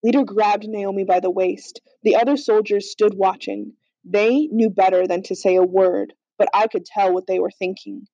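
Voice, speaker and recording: A woman reading a storybook aloud in a steady, earnest way, on a slightly dull, lo-fi recording. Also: mid-range voice, moderate pace, no echo. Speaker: audiobook reader. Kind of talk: storybook narration.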